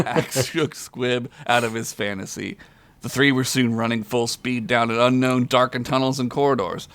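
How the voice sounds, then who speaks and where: A man's voice: steady tone, moderate pace, smooth, dry recording. Man reading a comic fantasy tale. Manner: reads aloud with frequent chuckles, loud high character voices. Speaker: podcast storyteller. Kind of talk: comedic fantasy story reading.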